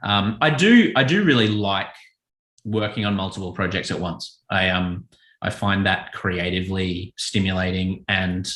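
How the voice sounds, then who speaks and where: A man, a children's author, answering interview questions in a thoughtful, self-correcting, relaxed way. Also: deep voice, a little slow. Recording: echoey room.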